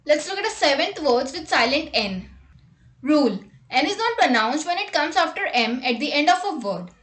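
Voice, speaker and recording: A woman reading a scripted English vocabulary lesson, saying example words and sentences slowly and deliberately. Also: high voice, very animated, fairly bright tone, echoey room. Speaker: English teacher.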